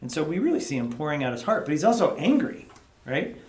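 Talking fast in a slightly high, sing-song and somewhat mellow voice, this man leads a relaxed midweek Bible study in an echoey office. He keeps checking in with "right?" and reads prayers with dramatic flair.

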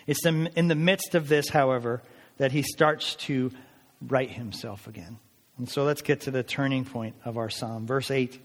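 A man's voice: medium pitch, moderate pace, big-room sound. A man preaching a sermon, earnest and building to emphatic declarations as he explains scripture. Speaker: pastor.

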